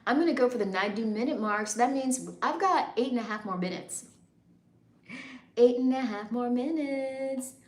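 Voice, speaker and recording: A woman's voice: fairly high pitch, moderate pace, darkish tone, reverberant. A woman hosting a casual livestream, hyped and chatty, talking straight to her viewers. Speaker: livestream host and content creator. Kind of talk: casual live chat.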